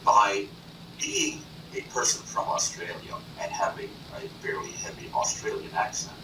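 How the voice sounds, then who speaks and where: Boastful animated man, echoey off-mic. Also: fairly low pitch, distant mic. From North Carolina. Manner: boastful, animated, does quick impressions. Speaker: talk show guest, author. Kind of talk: boastful chat. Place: TV studio. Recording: echoey room, off-mic, noisy.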